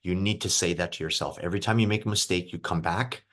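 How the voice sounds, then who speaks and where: A youth hockey mental coach talks quickly in a low-pitched, fairly bright voice. He's guiding a group of young players through an online coaching session on a video call, questioning them in a casual, encouraging way.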